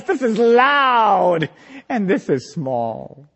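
A man preaching a sermon as pastor, impassioned, moving between quiet reflection and loud exhortation. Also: very high voice, sing-song, takes it slowly, vocal fry, breathy edge. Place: retreat meeting hall. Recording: long hall reverb.

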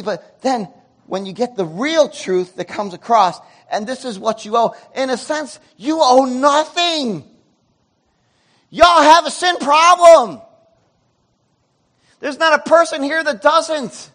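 A man preaching a sermon to a congregation, animated, with loud emotional peaks and quiet asides. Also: extremely high pitch, moderate pace. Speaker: pastor. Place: church sanctuary before a congregation.

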